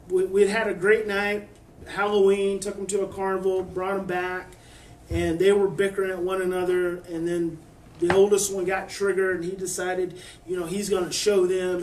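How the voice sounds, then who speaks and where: Calm man coaching parents, echoey room. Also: high-pitched, slight background noise. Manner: calm coaching, drops to a soft hush when modeling words to a child. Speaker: parenting expert answering a parent. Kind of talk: parent Q&A advice. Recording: echoey room, distant mic.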